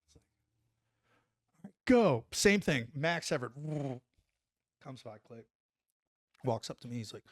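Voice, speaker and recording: A man's voice: mid-range voice, moderate pace, pauses often, dry recording. Male ex-Ranger guest, casual and profane storyteller, mid-range voice, dry close mic. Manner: animated, profane storyteller acting out dialogue. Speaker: former Army Ranger guest.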